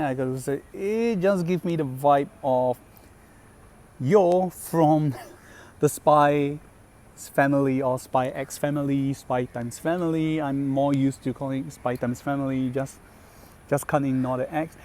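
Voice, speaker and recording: A male gaming host talks casually about a game character. His voice sits a little high for a man, and he speaks slowly. He often stops to correct himself and fills gaps with "um" and "like". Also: a little mellow. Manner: halting, with many fillers and self-corrections. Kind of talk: casual commentary on game voice lines.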